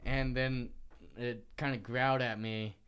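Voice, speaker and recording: A man's voice: mid-range voice, fairly even intonation, measured pace, a bit bright. A man in casual podcast chat, telling a childhood anecdote in an offhand way with laughs.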